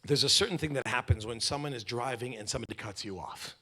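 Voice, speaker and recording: A man's voice: mid-range voice, quick pace, pushed and bright, slightly rough. A man from New York giving a comedic motivational talk, telling stories with jokes and acted-out quotes. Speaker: speaker.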